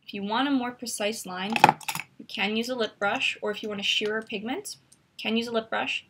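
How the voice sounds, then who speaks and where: A woman's voice: on the high side, steady tone, fairly quick, heavy background noise. A woman hosting a makeup tutorial, chatty and instructive as she talks through each step while demonstrating.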